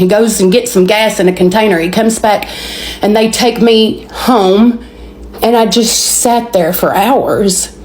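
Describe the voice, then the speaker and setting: Here a Southern-accented woman, her voice a little high and darkish in tone, tells a moving story from her own life as testimony. Words get repeated and restarted as she goes, broken up by dramatic pauses, all captured in an echoey, spacious room.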